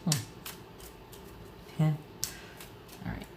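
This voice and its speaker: A woman doing a casual tarot reading, chatty and emotional, thinking aloud as she turns the cards. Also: extremely slow. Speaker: tarot reader. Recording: roomy with faint hiss.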